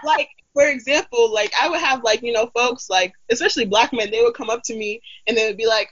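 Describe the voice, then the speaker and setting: A young woman from Idaho talks candidly in a casual chat, peppering every thought with "like". Her voice is bright and forceful. The recording is a little dull and lo-fi. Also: fairly high pitch, fast talker, hardly any pauses. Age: young adult. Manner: animated, candid, heavy use of 'like'.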